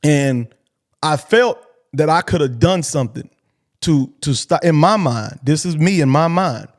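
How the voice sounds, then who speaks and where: An unhurried, expressive man from Texas with a voice on the high side hosts a call-in show. He tells a personal story earnestly and colloquially, becoming emotional and near tears, and repeats himself.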